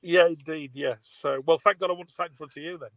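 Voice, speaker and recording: A man's voice: fairly high pitch, a little fast, gravelly, no echo, poor audio. A man, animatedly telling a story over a video call. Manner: animated storyteller, laughs often. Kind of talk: casual video call chat.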